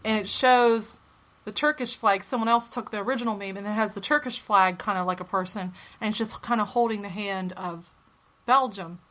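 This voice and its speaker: A woman co-hosting a casual podcast, talking in a heated, profane, opinionated way and swinging her pitch up to stress points. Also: normal speed, pushed and bright. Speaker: podcast co-host.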